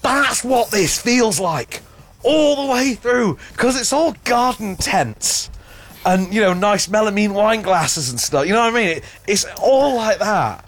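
An English man hosts a film review podcast in loose, sarcastic chat, often stopping and restarting his sentences. His voice is a little husky and sits slightly high for a man. His pitch swings widely as he talks. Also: expressive, unhurried. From England. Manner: sarcastic, rambling with many restarts. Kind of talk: casual chat.

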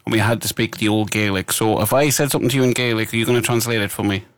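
A man's voice: lowish voice, fairly even intonation, very fast, no room sound. A man from Ireland hosting a live radio show, chatting in a rambling, friendly way. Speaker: radio host. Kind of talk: casual live radio chat.

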